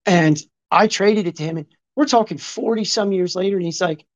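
A man's voice: high voice, a little fast. A man in his fifties telling a long story in casual conversation, rambling and swearing, full of asides and quoted remarks. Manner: rambling and profane, many asides and reported speech. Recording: dull lo-fi recording.

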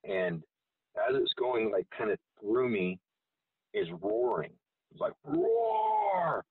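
A guest, male, tells a long personal story in a loose, rambling way, swearing often. His voice is fairly low, husky, and slow. The recording is dry but distant and off-mic, with a tinny, phone-like quality.

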